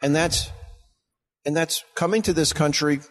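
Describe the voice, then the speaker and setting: A man's voice: on the high side, unhurried, fairly bright tone. A man co-hosting a casual podcast, chiming in with short, wry remarks. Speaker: podcast co-host. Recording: long hall reverb.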